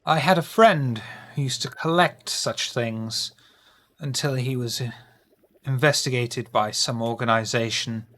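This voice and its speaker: A man's voice: mid-range voice, a little slow, fairly bright tone. A man from England narrating a tabletop role-playing game as game master, with dry, self-mocking asides.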